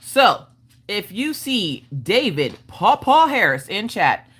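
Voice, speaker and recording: A woman's voice: very animated, slow pace, breathy edge. Upbeat woman greeting her livestream chat. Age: adult, her father watches. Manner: upbeat, shouts out viewers by name, swings her pitch around. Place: home craft room.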